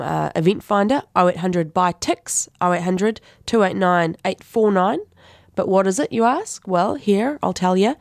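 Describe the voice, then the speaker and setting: A woman's voice: medium pitch, no room sound, studio quality. A woman with a New Zealand accent hosting a community radio show, chatting casually through local events with plenty of fillers and self-corrections. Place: radio studio.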